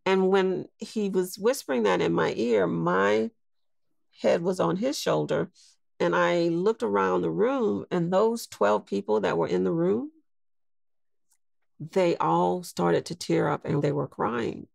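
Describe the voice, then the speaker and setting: Slow, gravelly older woman recalling. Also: fairly low pitch, darkish tone, no room sound, studio quality. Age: 60s. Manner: slow, reflective storytelling. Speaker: guest. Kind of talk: storytelling interview.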